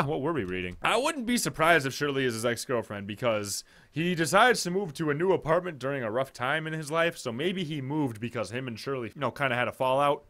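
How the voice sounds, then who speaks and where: A young man giving excitable commentary while playing a horror game, reading its dialogue aloud. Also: medium pitch, fairly quick, slight background noise. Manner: excitable, jumpy, shouting at scares. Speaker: let's play gamer.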